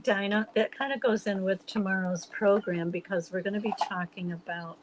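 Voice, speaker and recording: A woman co-hosts a relaxed talk, affirming others and passing on comments from viewers. Her voice sits at a middle pitch. A faint hiss is heard behind her. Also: moderate pace. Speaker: co-host. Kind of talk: casual conversation.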